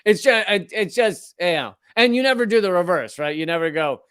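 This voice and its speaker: A male comedian from the Southern US delivers a fiery, profane political rant, tripping over his words as he pushes ahead. His voice sits high and sounds dry and close. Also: lively intonation, brisk, fairly bright tone, clean tone, dry recording. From Southern United States. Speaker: comedian host.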